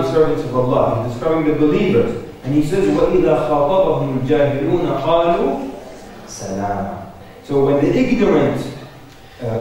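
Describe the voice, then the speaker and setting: A man delivers a religious lecture at a conference, mixing jokes into his points and checking in with the crowd as he goes. His voice sits a little high for a man. It comes across from far off, washed in heavy hall echo, with faint background noise. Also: darkish tone. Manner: joking, conversational, addresses audience directly. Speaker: conference speaker. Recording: echoey hall, picked up from far off.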